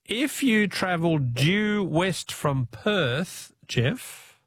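A man's voice: high-pitched, expressive, drawn-out words, fairly bright tone, breathy edge. An Australian man hosting a radio phone-in quiz, chatty and upbeat with the callers.

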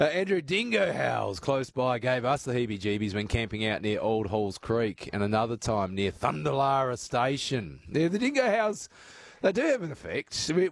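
A man's voice: medium pitch, vocal fry. A man with an Australian accent hosting talkback radio, chatty with many filler sounds. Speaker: radio host.

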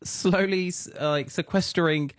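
An Australian man co-hosting a podcast in casual, animated chat, laughing often. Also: sits high, no room sound. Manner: animated, laughing, quick asides and mimicry. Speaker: podcast co-host.

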